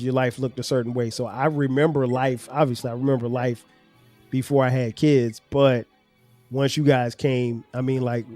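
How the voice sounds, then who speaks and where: A man's voice: mid-range voice, mellow. Earnest middle-aged father, host. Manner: earnest, explaining at length with many restarts. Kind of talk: reflective family conversation.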